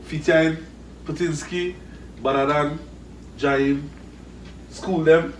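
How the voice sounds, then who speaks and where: A man hosting an outdoor group interview, calling out questions to the crowd with lively energy. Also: a little high, slow pace. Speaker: interview show host. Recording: echoey, distant, noisy outdoor ambience.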